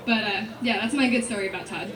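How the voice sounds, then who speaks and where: A woman at a memorial telling a lively anecdote about the deceased. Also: medium pitch, fast, very noisy. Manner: lively storytelling. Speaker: memorial speaker. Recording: echoey hall from far off, crowd behind.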